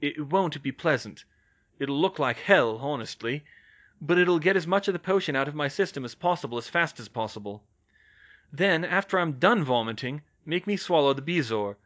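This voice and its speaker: A man reading aloud voices a calm, firm young curse breaker giving instructions. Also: a little high, moderate pace.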